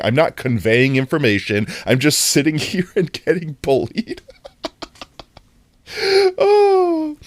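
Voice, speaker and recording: Giggly streamer with wildly swinging pitch. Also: dry recording. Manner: giggly, breaks into long laughing fits; excitable, greets chat by name. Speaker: livestream host. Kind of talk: casual live-stream chat.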